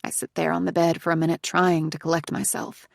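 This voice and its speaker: A woman narrating a psychological thriller audiobook in the first person, in a tense, hushed manner. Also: low voice, little pitch movement, brisk, creaky, no echo, clean studio sound.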